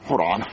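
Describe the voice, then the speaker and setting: A man running a comedy video shoot, talking in a fast, bossy, upbeat way. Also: muffled recording, a little hiss or hum. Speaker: video creator. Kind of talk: casual comedy skit talk.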